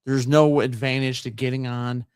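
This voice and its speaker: A man's voice: mid-range voice, level tone, normal speed, clean tone, no echo. A man co-hosting a casual chat, mostly chiming in with short, dry quips. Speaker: podcast co-host.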